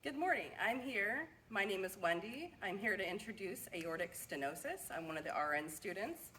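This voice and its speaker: Bright and forceful, with lively intonation at a moderate pace, a young woman's medium-pitched voice carries a nursing class presentation. She works through each step, occasionally using fillers. The recording is low quality, with a little hiss or hum.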